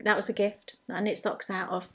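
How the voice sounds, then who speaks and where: A woman's voice: mid-range voice, flat delivery, a little fast. Chatty rambling English woman. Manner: chatty and rambling, often laughing at herself. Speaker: knitting podcast host. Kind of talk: casual chat.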